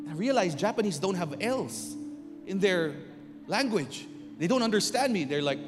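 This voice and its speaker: Guy telling a story, bouncy animated delivery, long hall echo, music going behind him. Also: high voice, normal speed. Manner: animated, acts out scenes and voices. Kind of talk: storytelling talk to an audience.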